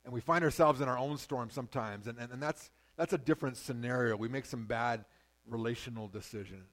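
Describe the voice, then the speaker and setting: A pastor from Canada preaching a sermon in a conversational, storytelling way, with frequent restarts. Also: male voice, mid-range voice, brisk, fairly bright tone, rough recording.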